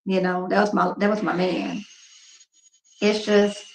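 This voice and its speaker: A woman's voice: mid-range voice, little pitch movement, a little slow, gravelly, long pauses. A woman in her forties talking candidly and emotionally to her viewers while grieving, her voice subdued. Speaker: couponing vlogger. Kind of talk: casual live chat with viewers. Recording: echoey room.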